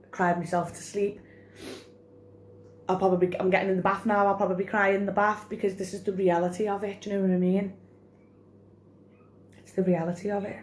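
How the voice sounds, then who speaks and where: A woman's voice: fairly low pitch, a little mellow, a little hiss or hum. A young woman, talking to her phone camera in a personal vlog, rambling with many fillers and crying while she laughs. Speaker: vlogger.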